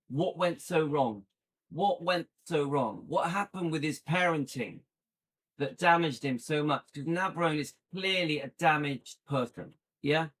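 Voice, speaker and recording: A man's voice: fairly high pitch, a bit bright. A man hosting a commentary channel, reacting indignantly and firing repeated rhetorical questions.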